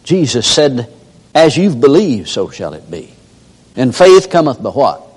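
Older guy preaching, folksy stories, lively up-and-down voice, big reverby hall. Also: mid-range voice, measured pace, husky. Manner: folksy storytelling, acts out characters with a raised voice. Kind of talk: sermon.

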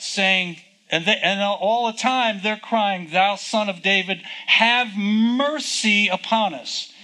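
A man's voice: high-pitched, pushed and bright, rough recording. A man preaching a sermon, teaching from the Bible in a conversational way, reading verses aloud and asking rhetorical questions.

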